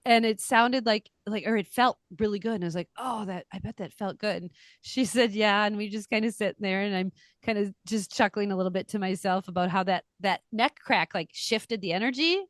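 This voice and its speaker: A woman's voice: mid-range voice, fairly quick, no room sound. A middle-aged woman co-hosting a casual podcast chat, telling a family story with energy and acting out the lines of others. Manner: animated storytelling, acts out quoted voices. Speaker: podcast co-host.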